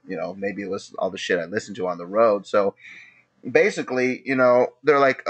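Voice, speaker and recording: A man's voice: fairly low pitch, fairly even intonation, moderate pace, a bit bright. Laughing, profane storytelling man. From Los Angeles area. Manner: laughs often while telling stories, swears a lot. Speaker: podcast host.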